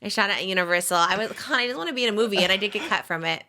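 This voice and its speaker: Podcast host, woman, thirties, lively pitch, bright tone, playful chatter. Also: very fast. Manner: animated, laughing often, playful. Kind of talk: casual chat.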